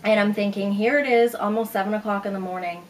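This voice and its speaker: A young beauty vlogger casually tells a long personal story, chatty and animated, acting out what people said. She talks fast at a medium pitch. The recording is low quality, with a little hiss or hum.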